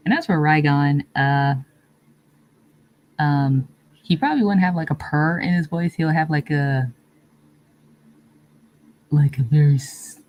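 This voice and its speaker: Woman, livestream host, casual chat, easygoing, meandering, frequent pauses. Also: sits low, animated, a little mellow, poor audio. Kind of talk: casual live-stream chat, reading viewer comments.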